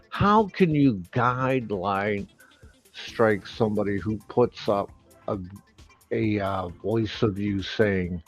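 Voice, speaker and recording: A man on a live stream, ranting slowly and emphatically, full of profanity and mockery. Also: on the low side, highs cut off, soft background music. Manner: profane, slow and emphatic, mocking.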